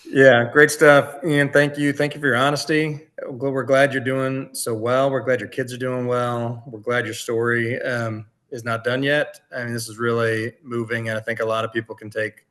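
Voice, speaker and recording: A man's voice: mid-range voice, flat delivery, moderate pace, few pauses, a bit bright. Encouraging, thoughtful male podcast host. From Washington state. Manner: thoughtful and encouraging, with hedging restarts. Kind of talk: conversational interview.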